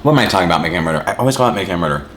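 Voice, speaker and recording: Lively intonation, a very fast pace, and a fairly bright tone mark this low-voiced man, with slight background noise present. A mukbang vlogger, he chats casually to his viewers while eating, rambling with lots of "like" and chewing and humming between lines.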